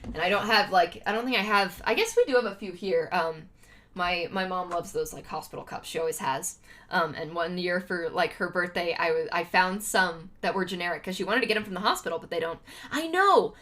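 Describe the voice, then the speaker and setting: A woman's voice: lowish voice, brisk, a bit bright. A young American woman chatting casually with viewers on a livestream, rambling with lots of fillers. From United States.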